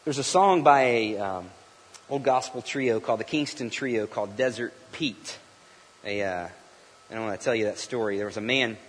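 Male pastor, folksy sermon, husky voice, church hall echo. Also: medium pitch. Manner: folksy, restarts often. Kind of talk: sermon with storytelling. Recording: long hall reverb.

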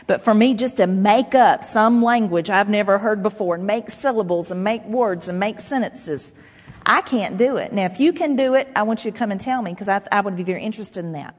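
A woman's voice: mid-range voice, a little fast. Woman preaching in a reverberant church. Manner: conversational, animated preaching with made-up syllables. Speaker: pastor. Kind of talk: sermon. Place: church sanctuary. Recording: long hall reverb.

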